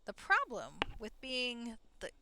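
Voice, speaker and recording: A woman's voice: fairly high pitch, huge pitch swings, slow, background noise. A young woman streaming a game, chatting casually and bubbly with her viewers. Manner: bubbly, chatty, laughs often. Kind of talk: casual live-stream chat. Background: faint game music.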